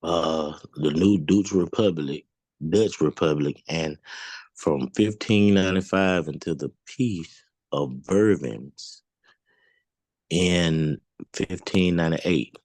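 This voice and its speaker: A man reading a history text aloud in class, halting and careful over the words. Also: low-pitched, a little mellow, dry recording. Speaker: student.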